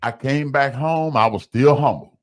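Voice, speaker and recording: A man's voice: medium pitch, moderate pace. A man in his fifties telling his recovery story like a preacher, acting out quotes with folksy slang and laughs. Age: 50s. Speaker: guest sharing recovery story.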